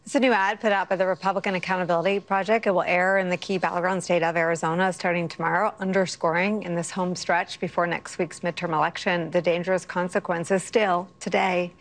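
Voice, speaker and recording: A woman news anchor presenting a segment in a brisk, polished way. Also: fairly low pitch, rough recording.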